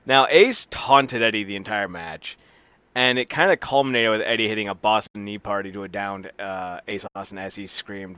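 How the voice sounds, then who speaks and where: A man's voice: on the low side, expressive, normal speed, a bit bright, dry recording. A man co-hosting a casual wrestling podcast, cracking profane jokes and acting out quotes in silly voices. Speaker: podcast co-host.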